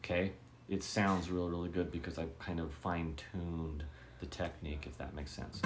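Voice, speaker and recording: Man teaching guitar over loud strumming. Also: deep voice, little pitch movement, normal speed. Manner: says okay constantly, checks understanding, scats rhythms aloud. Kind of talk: guitar lesson. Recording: loud guitar playing between talk.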